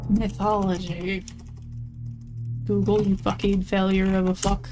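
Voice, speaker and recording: A woman's voice: medium pitch, little pitch movement, a little slow. A young woman streaming, chatting casually, swearing freely and reading chat aloud. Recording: faint music behind.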